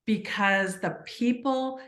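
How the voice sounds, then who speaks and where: Female podcast guest, earnest storyteller, mid pitch, echoey room sound. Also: takes it slowly. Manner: earnest, animated storytelling with many fillers. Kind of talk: casual interview chat.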